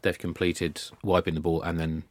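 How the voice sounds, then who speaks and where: A man guesting on a comedy news podcast, telling absurd made-up stories in a deadpan, rambling way. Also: sits low, normal speed, no room sound. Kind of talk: deadpan satirical comedy chat.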